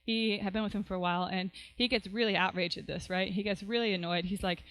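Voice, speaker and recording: Woman, pastor, casual storytelling sermon, mid-pitched, smooth resonant voice. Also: steady tone, quick pace, few pauses, fairly bright tone, rough recording. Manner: conversational storytelling, frequent "like" and "right?".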